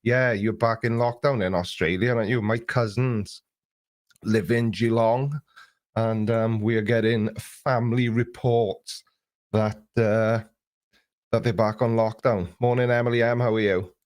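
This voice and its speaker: On the low side and steady, this livestream host's voice moves at a measured pace as he reads viewer comments early in the morning. He welcomes people by name and chats about what they wrote in a rambling way. A desk mic gives a dry sound with no room tone.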